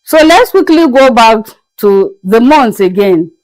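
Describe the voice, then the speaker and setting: A woman's voice: on the high side, expressive, measured pace, a little mellow, no room sound, rough recording. A woman teaching French as a lesson to her channel, who spells the words out and repeats each one patiently. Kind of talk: slow, patient classroom lesson.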